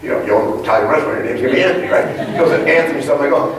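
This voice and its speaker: Motivational trainer, male, storyteller with quick rhetorical jabs, recorded from a distance in a big room. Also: on the high side, crowd noise. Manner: animated storyteller, punchy rhetorical questions. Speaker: leadership trainer. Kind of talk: motivational speech to a live audience. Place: large conference hall. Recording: echoey hall, mic far off.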